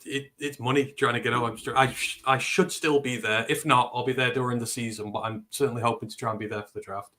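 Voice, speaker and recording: A man from northern England with a Northern English accent, co-hosting a casual sports talk stream, animated and opinionated. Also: medium pitch. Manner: animated, opinionated, quick asides. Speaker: co-host.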